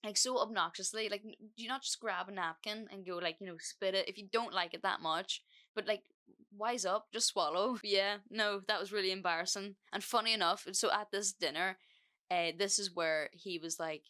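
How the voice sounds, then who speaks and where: A woman's voice: medium pitch, moderate pace, bright, forceful tone. A young woman hosting a podcast, telling a breakup story in a casual, frank way that is full of swearing and fillers. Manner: chatty, frank, swears freely, many fillers. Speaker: podcast host.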